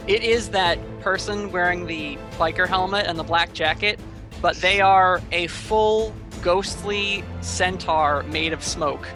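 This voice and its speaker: A man running a tabletop game as game master, narrating scenes in steady detail. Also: high voice, slow, rough recording. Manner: steady, descriptive storytelling. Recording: music playing clearly behind.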